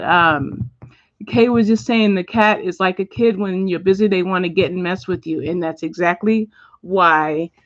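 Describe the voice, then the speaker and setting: A middle-aged woman hosting a casual livestream, chatting and reading viewer comments out loud at home. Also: fairly low pitch, no echo. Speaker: livestream host. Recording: dull lo-fi dry sound.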